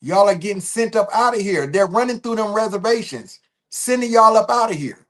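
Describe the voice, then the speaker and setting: A man hosting a casual livestream, talking loosely and repeating himself, pressing hard on points and then trailing off quietly. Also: sits high, lively intonation, brisk. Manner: loose and repetitive, restarting phrases, emphatic then trailing off quietly. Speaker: livestream host.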